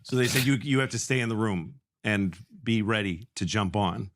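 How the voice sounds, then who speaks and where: A man's voice: normal speed, a little hiss or hum. A middle-aged man telling a comedy story in casual chat, acting out other people's lines. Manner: animated, acts out quotes in high squeaky voices.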